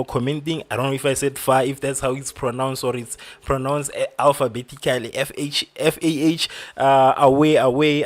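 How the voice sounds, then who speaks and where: Chatty man hosting livestream. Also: medium pitch. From South Africa. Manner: chatty, many fillers, reads out viewer names. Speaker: livestream host. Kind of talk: football watchalong livestream chat.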